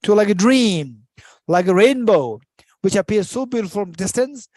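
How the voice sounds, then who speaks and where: A man's voice: high-pitched, lively intonation, moderate pace, a little mellow, dry recording. A man teaching Buddhist philosophy in English, repeating phrases and restarting as he explains. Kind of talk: dharma teaching.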